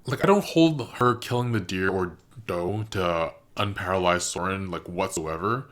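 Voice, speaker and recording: A man's voice: sits low, moderate pace, fairly bright tone. A man hosting a reaction video, giving casual, thoughtful commentary and analysing what he has watched.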